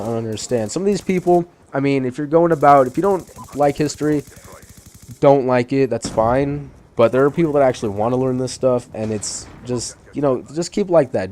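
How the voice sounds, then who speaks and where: A man's voice: medium pitch, warm tone, slight background noise. A teenage boy giving casual gameplay commentary, rambling through fillers and restarts with an irritated edge. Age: teens. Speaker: channel host.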